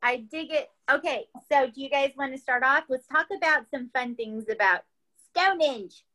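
An American woman hosts a relaxed podcast conversation. She sounds giggly and eager, and her voice sits fairly high. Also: moderate pace, low-quality recording. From United States. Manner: giggly, enthusiastic. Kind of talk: casual podcast chat.

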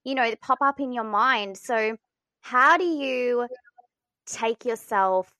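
A woman's voice: a little high, slow, pushed and bright, no room sound. A woman hosting a podcast, asking long, thoughtful, rambling questions in a casual way. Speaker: podcast host.

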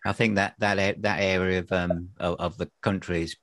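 Deep-voiced male podcast host. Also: level tone, a little fast, fairly bright tone. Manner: hesitant, repeating words as he asks. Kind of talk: interview questions.

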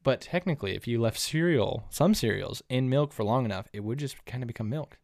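A man's voice: mid-range voice, animated, brisk, gravelly, darkish tone, no echo, studio quality. A young man co-hosting a podcast, chatting in an easygoing, rambling way with many restarts. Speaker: podcast co-host. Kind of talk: casual podcast banter.

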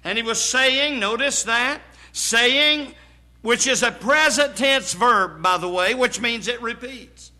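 A man preaching in a strikingly high, bright voice. He takes his time, drawing out each phrase and building to sudden shouts. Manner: dramatic preaching, slow and emphatic, swelling to shouts. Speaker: pastor. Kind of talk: sermon.

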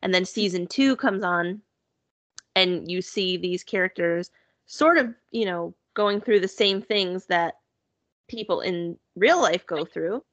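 A woman's voice: lowish voice, unhurried, a bit bright, no echo. A woman in casual conversation, chatty and upbeat, filling her talk with "like" and "you know". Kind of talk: casual chat.

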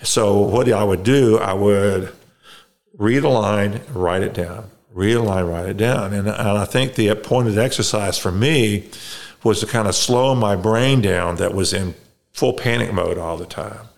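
A middle-aged man telling his recovery story as a podcast guest, halting and reflective, with many restarts. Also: lowish voice, gravelly. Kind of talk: casual conversation.

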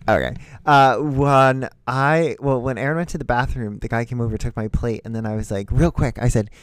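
A man's voice: medium pitch, moderate pace, clean tone, no room sound, clean studio sound. A young man co-hosting a podcast, telling stories in a laid-back, casual way. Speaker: podcast co-host. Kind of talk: casual chat.

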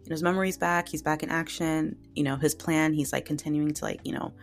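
A woman podcast host talks through drama episodes in a casual, heartfelt ramble. Her voice sits low with some vocal fry. Soft music plays faintly underneath. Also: fairly even intonation, fast. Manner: chatty, emotional, many fillers and "like". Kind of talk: casual solo recap.

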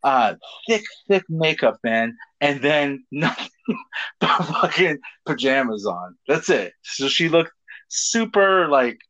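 A man's voice: medium pitch, big pitch swings, takes it slowly, pushed and bright. A man co-hosting a casual talk show, telling stories animatedly, laughing, swearing and acting out quotes. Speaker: podcast co-host. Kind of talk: casual chat, storytelling. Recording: dull lo-fi sound.

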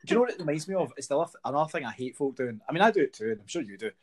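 A man in his forties, chatting casually and ranting in an animated, sweary way with bursts of laughter. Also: fairly high pitch, very fast. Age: 40s. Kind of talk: casual chat.

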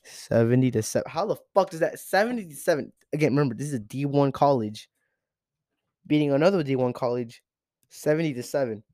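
A man's voice: mid-range voice, animated, fairly quick, mellow, no room sound, studio quality. A teenage boy hosting a podcast, ranting in an exasperated, profane way with lots of repeated rhetorical questions. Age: teens. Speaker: podcast host. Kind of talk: solo sports rant.

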